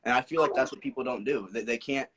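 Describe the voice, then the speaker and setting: A young man who is a guest on a casual live podcast, speaking earnestly and from the heart, swearing often and jumping up in pitch when he tells a story. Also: fast talker, sharp tone. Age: young adult. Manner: earnest and heartfelt, profane, with sudden jumps in pitch when telling stories.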